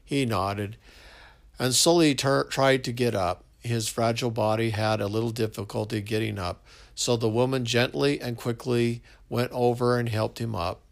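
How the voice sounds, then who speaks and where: A man narrating a sentimental story in a slow, measured reading. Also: medium pitch, fairly even intonation, vocal fry.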